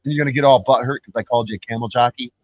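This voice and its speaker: A man's voice: medium pitch, fairly even intonation, very fast, dry recording, lo-fi sound, soft background music. A man ranting on his own channel, profane and taunting, mocking the people he calls out. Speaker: YouTuber. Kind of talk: angry ranting vlog.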